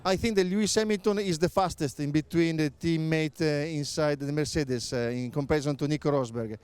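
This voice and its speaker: A middle-aged man with an Italian accent gives interview answers as a racing pundit, his voice smooth and resonant and sitting a little high. He halts often on filler sounds and circles back to restart his phrases. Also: brisk, darkish tone. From Italy. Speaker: motorsport pundit, former racing driver.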